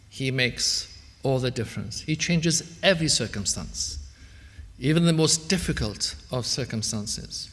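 A man preaching a sermon earnestly, swelling to emphatic peaks and then dropping soft. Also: mid-range voice, in a large hall.

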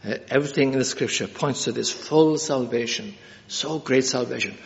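A man's voice: mid-range voice, normal speed, vocal fry. A man preaching an expository sermon, earnest, repeating key phrases for emphasis, with frequent filler hesitations. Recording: dull sound with long reverb in a hall.

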